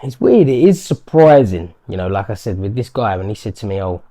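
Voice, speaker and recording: A man's voice: on the low side, sing-song, a little fast, warm tone. A man, a professional fighter, chatting casually in an interview and acting out what strangers say to him. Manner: chatty, acts out quotes of strangers. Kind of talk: casual chat.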